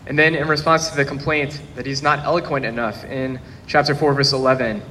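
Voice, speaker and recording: A man who is a pastor, preaching a sermon in an earnest, steady way. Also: mid-range voice, fairly quick, a little hiss or hum. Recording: long hall reverb, faint ambience.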